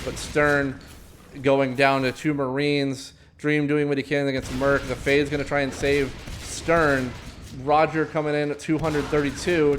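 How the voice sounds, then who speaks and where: A man from Florida calls a live esports match in a plain, mid-pitched voice, rattling off players and moves with frequent "um"s and quick self-corrections. His throat is strained and scratchy from allergies. Faint game sounds and gunfire sit quietly behind him. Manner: rapid play-by-play with frequent fillers and self-corrections. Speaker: esports commentator. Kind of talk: live play-by-play game commentary.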